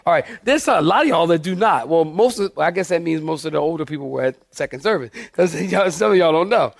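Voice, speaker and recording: A middle-aged man preaching a sermon as pastor, animated and talking straight to his congregation. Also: sits high, no echo, studio quality.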